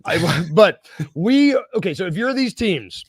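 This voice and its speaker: A man's voice: sits high, very animated, measured pace, slightly rough, dry recording. A man hosting a casual sports podcast, rambling and joking, often correcting himself mid-sentence. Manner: rambling, self-correcting, jokey. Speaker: podcast host.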